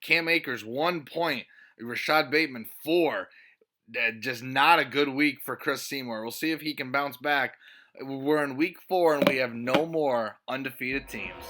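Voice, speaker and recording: A man hosting a fantasy football league recap, sarcastic and excitable, with sudden loud bursts of mock disbelief. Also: medium pitch, unhurried. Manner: sarcastic, excitable, profane, with swings between flat and loud disbelief. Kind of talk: comedic sports recap.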